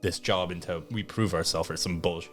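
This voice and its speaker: A man with a low, deep voice talking through his moves at a tabletop game, hesitant and full of restarts. Faint music sits underneath. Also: steady tone, normal speed. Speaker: player.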